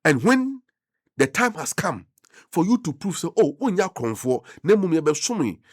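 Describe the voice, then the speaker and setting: Impassioned Ghanaian radio host, lively pitch. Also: male voice, moderate pace, no echo, clean studio sound. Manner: impassioned, switching between Twi and English. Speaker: radio talk show host. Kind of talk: political commentary on radio. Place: radio studio.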